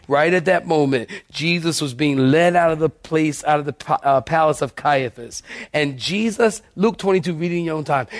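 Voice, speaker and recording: A man preaching a sermon as pastor, animated and joking, calling out to the congregation. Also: mid-range voice.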